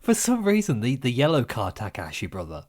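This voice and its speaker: A man's voice: mid-range voice, huge pitch swings, a little fast, a little mellow. A man with a mid-range voice co-hosts a casual podcast. He is easygoing and laughs often as he talks. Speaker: podcast co-host. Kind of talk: casual chat.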